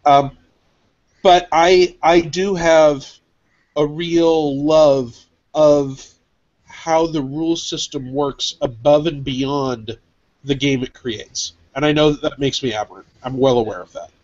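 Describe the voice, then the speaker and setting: Lively man telling stories, muffled audio. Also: on the high side, slow pace. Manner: animated storyteller acting out conversations. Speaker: podcast guest, game designer. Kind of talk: casual chat.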